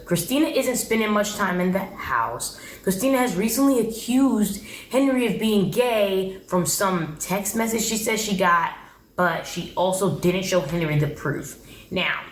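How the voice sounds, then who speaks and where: A woman's voice: lowish voice, reverberant, slight background noise. A young woman giving a blunt, opinionated casual recap of a TV show. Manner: blunt, opinionated, exasperated commentary. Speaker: TV show reviewer.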